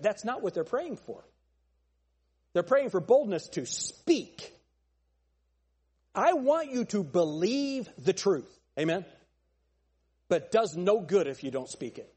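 A man preaching a sermon as pastor, emphatic and pointed, asking the congregation rhetorical questions and building to shouts. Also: high-pitched, big pitch swings, measured pace, long pauses, breathy edge.

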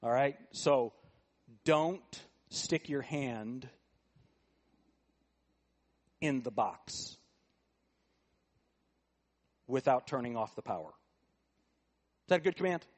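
A middle-aged man preaching a sermon, asking the congregation rhetorical questions and moving between quiet asides and raised, emphatic points. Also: medium pitch, expressive, slow pace, long pauses. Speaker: pastor.

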